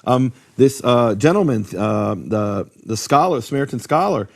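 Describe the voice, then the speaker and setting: A man teaching in a conversational lecture about biblical names, animated, posing rhetorical questions and often restarting his sentences. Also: mid-range voice, normal speed, vocal fry. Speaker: Bible teacher explaining Hebrew names.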